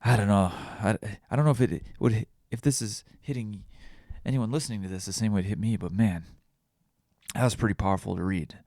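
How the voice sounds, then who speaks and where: Male podcast host, low and gravelly, dry close sound, casual rambling delivery with crude humor. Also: fairly quick, a little mellow, no echo. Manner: rambling, self-deprecating, crude jokes. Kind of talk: casual solo podcast monologue.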